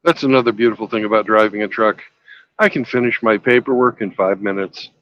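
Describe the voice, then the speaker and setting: A man's voice: on the low side, fairly even intonation, brisk, no room sound, highs cut off. A man hosting a livestream from his parked truck, chatting in a laid-back way and swearing casually. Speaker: livestream host, truck driver. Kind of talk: casual chat.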